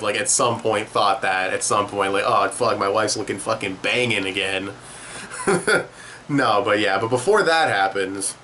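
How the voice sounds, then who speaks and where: A man's voice: lowish voice, a bit bright, a little hiss or hum. A young man giving a casual spoken comic review, loose and profane, acting out quotes as he goes.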